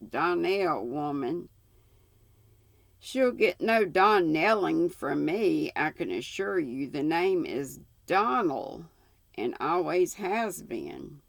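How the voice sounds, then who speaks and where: A woman's voice: low voice, very animated, slow pace, vocal fry, no room sound, heavily acted. A woman reading the part of a blunt, gossipy older village woman in a storybook reading. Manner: blunt, disapproving.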